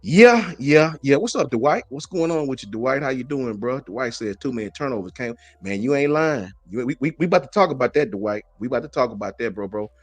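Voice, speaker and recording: A man hosting a casual sports talk stream, greeting viewers in slang and talking in animated bursts. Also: medium pitch, a little fast, hardly any pauses, no echo, faint music behind. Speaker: sports talk show host.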